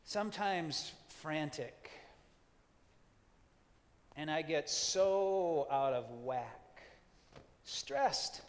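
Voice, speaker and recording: A pastor, a man, leading a gentle, reflective sermon with playful asides. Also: fairly high pitch, lively intonation, drawn-out words, long pauses. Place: church sanctuary. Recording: long hall reverb.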